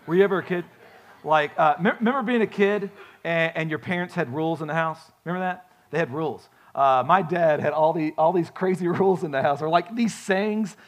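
A male pastor preaching a sermon, folksy and animated, telling stories with frequent restarts. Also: fairly high pitch, brisk. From grew up on a farm.

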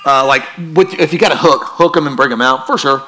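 A male pastor preaching a sermon in a conversational, joking style that turns quiet and earnest for emphasis. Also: mid-range voice, a little fast.

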